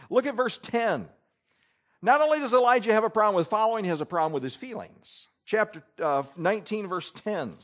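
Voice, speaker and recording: Lively, high-voiced male preacher. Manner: emphatic, swings between loud and hushed. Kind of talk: sermon.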